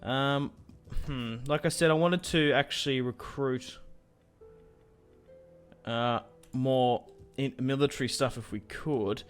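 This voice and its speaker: A man's voice: medium pitch, steady tone, slow pace, clean tone, soft background music. A young man giving casual, rambling commentary on a strategy game, thinking aloud with fillers. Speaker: gaming YouTuber.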